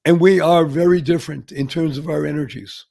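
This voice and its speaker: An older man hosting a talk interview, his voice a little high and warmly mellow. He asks measured, probing questions of his guest. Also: fairly even intonation, gravelly. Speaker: host. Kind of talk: conversational podcast interview.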